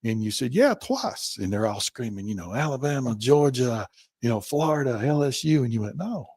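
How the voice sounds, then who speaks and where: Male host, sixties, mid-pitched, dry sound, halting casual talker. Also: darkish tone, no room sound. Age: 60s. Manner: halting, full of fillers and restarts. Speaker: show host. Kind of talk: casual chat.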